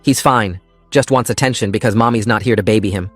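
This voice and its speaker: A man voicing a sharp, spiteful middle-aged aunt who snaps dismissively. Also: on the low side, brisk, dry recording, soft background music, natural voice. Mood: snapping, spiteful. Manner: snapping, dismissive.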